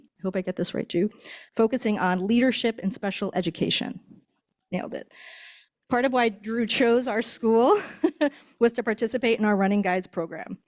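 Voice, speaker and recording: A woman who trains guide dogs stands before a graduation crowd, introducing each team. Her voice sits at a middle pitch, and she talks in a friendly, chatty way with small laughs scattered through her lines. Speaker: guide dog instructor. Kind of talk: graduation ceremony speech. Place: indoor ceremony hall.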